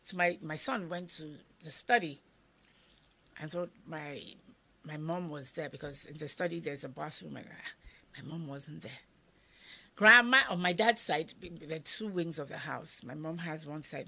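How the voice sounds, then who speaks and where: A middle-aged woman with a Nigerian accent tells a painful family story as an interview guest. Her voice sits low, with a husky, gravelly grain and a bright, tense edge. She acts out the other voices and sinks to a whisper when the memory bites. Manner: animated, acts out quoted voices, drops to whispers. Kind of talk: emotional personal storytelling.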